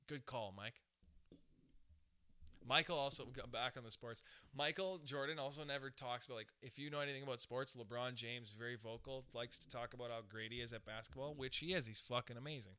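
A male comedian hosting a podcast, riffing in a profane, animated, brash way with a zippy tone. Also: mid-range voice, fairly quick. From Canada. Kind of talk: casual rambling monologue.

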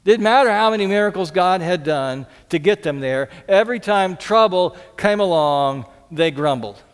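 A man preaching a sermon as a pastor, earnest, repeating key lines for emphasis and dropping to soft pleas. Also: sits high, expressive, normal speed, smooth, in a large hall.

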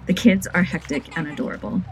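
A woman's voice: on the low side, fairly even intonation, fairly quick, darkish tone, soft background music, poor audio. A woman hosting a folklore podcast, narrating a scripted story in an earnest, vivid way.

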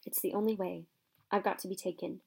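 A woman reading the lines of a clever young boy who directs a chess game, steady and determined. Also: on the high side, normal speed, vocal fry. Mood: tense.

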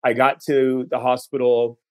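A man who is a podcast guest, recounting a personal story in an earnest, unhurried way and often slowing down to linger on words. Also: medium pitch, little pitch movement, a little mellow, clear, resonant tone.

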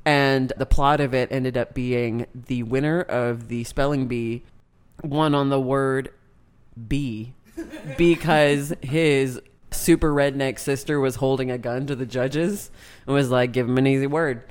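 A man telling a story in casual chat as a podcast co-host, animated and laughing often. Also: mid-range voice, takes it slowly, slight background noise.

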